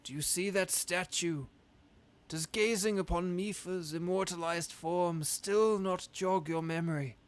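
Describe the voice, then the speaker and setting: A pompous old fish king holds court in a raised, unhurried voice, as a man puts him on. Each formal phrase is stretched out with a rhythm that sounds like a politician's. It is a video game character read aloud during a stream. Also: high voice, steady tone, pitched above the performer's own voice. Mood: pleading. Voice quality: grand, drawn-out delivery with Trump-like rhythms.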